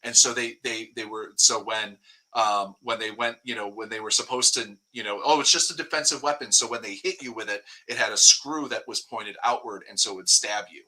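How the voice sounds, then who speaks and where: Bright-voiced man rambling through a live interview. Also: on the low side, steady tone, normal speed, poor audio. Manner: rambling, many restarts and fillers. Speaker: guest reporter. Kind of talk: casual interview talk.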